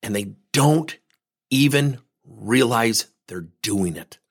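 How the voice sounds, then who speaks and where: A middle-aged man gives a motivational business talk with a slightly husky voice. His pitch swings widely as he leans on his points. His delivery is direct and emphatic, and he repeats lines for stress. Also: animated, slow. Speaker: business speaker.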